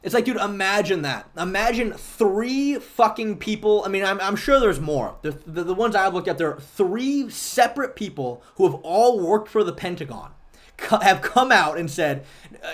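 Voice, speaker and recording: A man's voice: high-pitched, expressive, measured pace. A man hosting a livestream, chatting casually and argumentatively with viewers and swearing freely. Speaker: livestream host.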